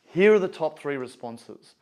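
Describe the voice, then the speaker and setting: A man's voice: a little high, lively intonation, a little slow, a little mellow. Earnest man giving a motivational talk. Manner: earnest, storytelling, conversational. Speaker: motivational speaker.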